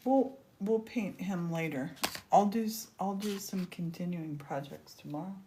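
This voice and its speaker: A woman's voice: on the low side, measured pace, noisy background. A woman hosting a casual crafting demonstration, chatty and gushing as she works. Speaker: craft host.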